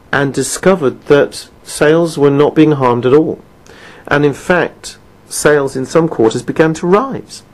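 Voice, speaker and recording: A man's voice: mid-range voice, a little mellow, rough recording. A middle-aged British man from the United Kingdom giving a persuasive quit-smoking talk, asking the listener rhetorical questions. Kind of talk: recorded self-help talk.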